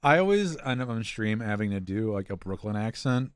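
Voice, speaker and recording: A man's voice: fairly low pitch, big pitch swings, a little fast, clear, resonant tone, dry recording, clean studio sound, soft background music. A man co-hosting a coding livestream, chatting casually, joking and guiding his partner through the code. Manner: encouraging, joking, guides the coder. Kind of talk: casual chat while coding.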